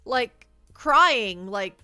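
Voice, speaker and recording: A woman's voice: a little high, expressive, drawn-out words, sharp tone, clear, resonant tone, dry recording, faint music behind. A woman streamer chatting casually and rambling, often repeating her words as she answers chat. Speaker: livestreamer.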